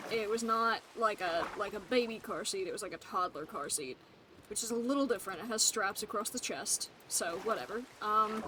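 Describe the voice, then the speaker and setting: A woman's voice: a little high, noisy background. A young woman streaming a game and telling a childhood story in a casual, chatty way, often laughing as she talks. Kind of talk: casual storytelling while gaming.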